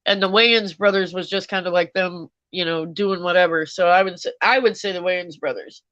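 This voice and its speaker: A panelist chatting casually, expressive and often incredulous. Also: medium pitch, normal speed, no echo, muffled recording.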